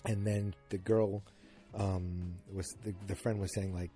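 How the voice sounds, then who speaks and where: A man with a somewhat low voice rambles casually through a podcast recap, chatty and full of fillers. He talks from home with faint music in the background. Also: little pitch movement, measured pace, dark tone. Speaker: podcast host. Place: at home in New England, moving about with his dog.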